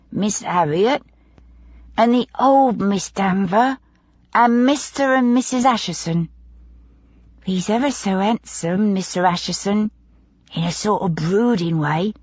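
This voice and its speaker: Brief: woman reading as a confiding young maid, raised pitch, broad dialect, husky dull recording. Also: unhurried, a little mellow, dry recording, lightly acted. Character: young gossipy female housemaid, eager and superstitious.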